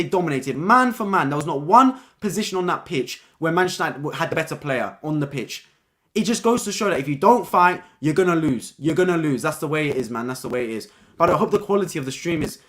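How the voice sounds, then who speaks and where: A young man with a voice on the high side hosts a live-stream football review. He talks casually and excitedly, repeats his points, and ends lines with "man."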